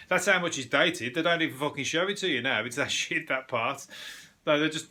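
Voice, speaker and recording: Bright-voiced English man ranting deadpan. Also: on the high side. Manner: deadpan, swearing, rambling with restarts. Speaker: comedy podcast host. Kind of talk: solo topical comedy rant.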